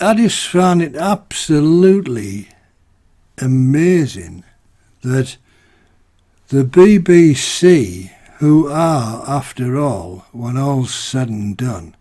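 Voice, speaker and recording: Very animated yet taking it slowly, a man from the United Kingdom with a medium-pitched, dark voice delivers a casual opinion rant to camera in his vlog. Exasperated and rhetorical, he keeps asking "right?" and dropping in "you know."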